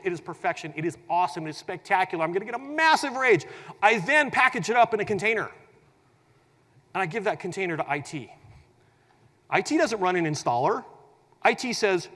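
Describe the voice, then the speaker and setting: Energetic male tech presenter in a reverberant hall. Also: sits high. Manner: energetic, acts out quoted scenarios with humor. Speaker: conference presenter. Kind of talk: tech conference keynote talk. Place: large conference hall.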